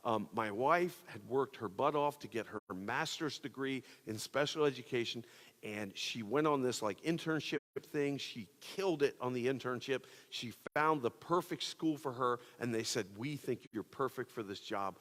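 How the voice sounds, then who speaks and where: Man, pastor, sermon, conversational storytelling, mid-pitched voice, long hall reverb. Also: moderate pace, fairly bright tone. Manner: personal storytelling, conversational with many fillers. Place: church auditorium.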